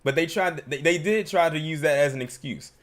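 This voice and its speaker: Guy on a livestream going off, emphatic rant, kinda high voice. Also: fairly quick. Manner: emphatic, ranting, reads super chats. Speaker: livestream commentary host. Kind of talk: opinionated livestream commentary.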